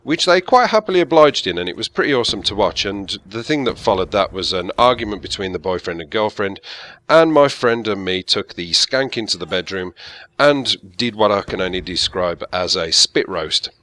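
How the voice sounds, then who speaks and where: Brummie man, bright forceful voice. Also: lowish voice, expressive, moderate pace. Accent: Birmingham (Brummie). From England. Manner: candid, rambling, chuckling. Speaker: YouTube gaming commentator. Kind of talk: casual Q&A chat. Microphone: gaming headset.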